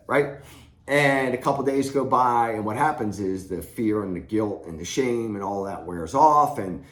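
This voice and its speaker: A man's voice: fairly low pitch, normal speed. A middle-aged man giving blunt, plain-spoken advice straight to camera as a recovery coach. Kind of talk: direct-to-camera advice talk. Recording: echoey room.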